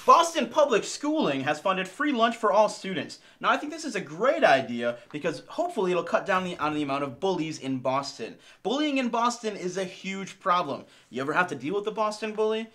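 A young man co-anchoring an amateur spoof news show, reading jokes in a sarcastic deadpan. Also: high voice, fairly quick, few pauses.

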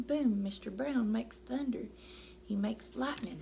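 A woman's voice: on the high side, measured pace, vocal fry, mellow, slight background noise. A woman reading a picture book aloud to children, playfully acting out animal sounds and coaxing her young listeners to join in. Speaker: storytime reader.

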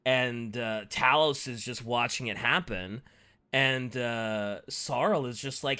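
A young man co-hosting a casual book discussion, animated and acting out characters' lines with big jumps in pitch. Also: slow, clear, resonant tone. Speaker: podcast co-host.

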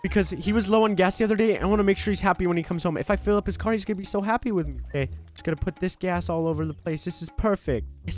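Fast-talking, excitable young man gamer. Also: high-pitched. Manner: excitable, yelps and gasps. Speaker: gaming YouTuber. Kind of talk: excited gameplay commentary, playing a baby.

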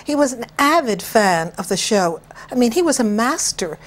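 An older woman, a television director, reminiscing in an interview with unhurried, anecdotal storytelling and frequent chuckles. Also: a little high, very animated.

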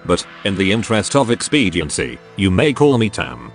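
A man's voice: on the low side, very animated, moderate pace, soft background music. A male text-to-speech voice reading the lines of a seductive, mocking female greater demon in an audio story. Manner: purring, mocking.

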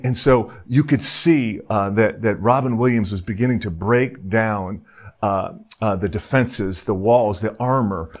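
A male pastor giving a casual, joking sermon to his congregation, full of filler words and restarts. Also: mid-range voice. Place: church service broadcast.

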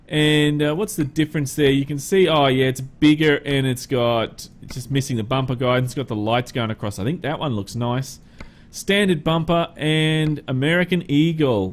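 An Australian man chatting casually through a game mod review, easygoing with frequent filler pauses, recorded as a desk-mic voice-over. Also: a little high. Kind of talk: casual gameplay commentary.

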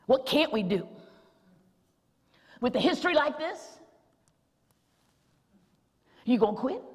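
A woman preacher delivering a rousing sermon in a church, repeating phrases and rising to shouts. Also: high voice, big pitch swings, takes it slowly, in a large hall. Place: church sanctuary.

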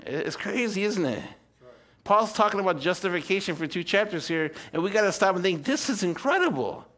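A man in his fifties preaching a sermon to a church congregation, swinging between loud emphatic peaks and quiet asides, with rhetorical questions and calls for amen. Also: high-pitched, lively intonation, fairly quick. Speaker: pastor.

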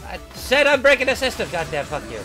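A man's voice: extremely high pitch, sing-song, quick pace, full character voice. A man playing a symmetry-obsessed young male reaper, giving short-tempered gameplay commentary and swearing at the game. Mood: agitated, yelling. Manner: easily agitated, swears and yells at the game. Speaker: gamer playing in character. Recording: game music playing behind the voice.

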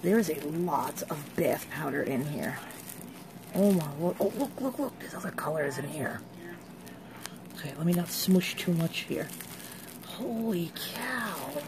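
A woman vlogger chatting casually through an unboxing, excitable and gushing over each product. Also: deep voice, moderate pace, background noise.

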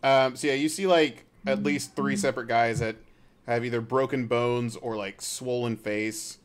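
A man's voice: medium pitch, steady tone, normal speed. A man narrating a tabletop game as game master, in a casual, hesitant way with many fillers.

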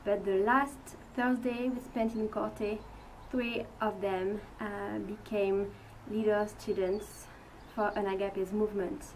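Young French-accented woman, mission leader, unhurried and hesitant, mic at a distance with faint background noise. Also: medium pitch, flat delivery. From France. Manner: hesitant, many fillers, earnest. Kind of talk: testimony to supporters.

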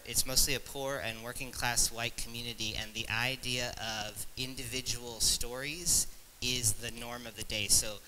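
A man in his forties talks on a conference panel in a reflective, halting way, often pausing to search for words. His voice is very bright and forward. A faint hiss of noise sits under the recording. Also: mid-range voice, low-quality recording. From Nebraska. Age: 40s. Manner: reflective, halting, many fillers and restarts.

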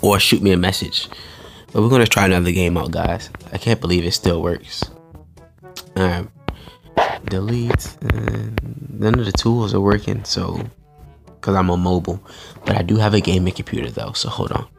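A man's voice: deep voice, steady tone, moderate pace, creaky, pauses often, faint music behind. A man hosting a gaming channel, giving casual, chatty commentary while he plays and often laughing and talking to his viewers.

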